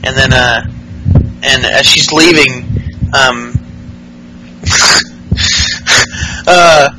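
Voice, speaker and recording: A man's voice: mid-range voice, drawn-out words, noisy background. A man hosting a podcast, giving a casual, rambling and profane recap of wrestling shows, full of fillers. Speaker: podcast host.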